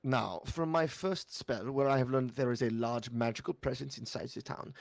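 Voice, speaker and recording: An awkward, bookish scholar of magic, played by a man, fussing through formal, stilted sentences. His voice has a gravelly edge and sounds close and dry in this tabletop role-play. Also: medium pitch, normal speed, no echo, natural voice. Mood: fussy. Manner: formal, fussy, stilted phrasing.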